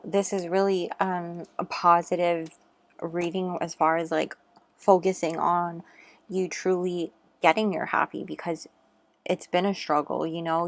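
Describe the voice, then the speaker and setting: A woman's voice: deep voice, no room sound. A woman giving a casual, chatty tarot reading, earnest and encouraging, with lots of fillers. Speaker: tarot reader.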